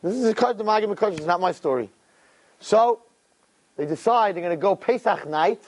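A man's voice: high-pitched, a little fast, rough recording. A man teaching a weekly religious class, telling stories and speaking straight to his listeners with lots of repetition. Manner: animated, repeats words, addresses listeners directly. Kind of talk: weekly religious lecture with storytelling.

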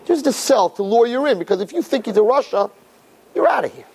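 A middle-aged man giving an animated Torah lecture to an audience, acting out quotes in funny voices. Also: fairly quick, slightly rough. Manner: expressive, acts out quotes with big pitch jumps. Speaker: Torah teacher.

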